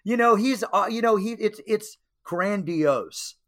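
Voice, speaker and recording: A man with a slightly higher-than-usual voice co-hosting a podcast. He talks in a loose, rambling way, full of "you know" and restarts, and laughs along with the others. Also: lively intonation, measured pace, background noise. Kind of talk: casual podcast chat.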